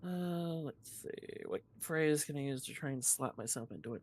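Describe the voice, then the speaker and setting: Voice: medium pitch, animated, moderate pace, darkish tone, a little hiss or hum. Playful, self-mocking guest streamer. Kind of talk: casual stream chat while playing a game.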